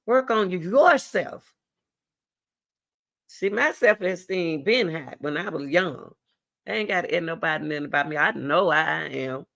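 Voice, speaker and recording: A woman's voice: low voice, expressive, a little slow, gravelly, a bit bright. A middle-aged woman hosting a talk show, giving blunt, emphatic advice and repeating her key words. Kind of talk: direct advice talk to a caller.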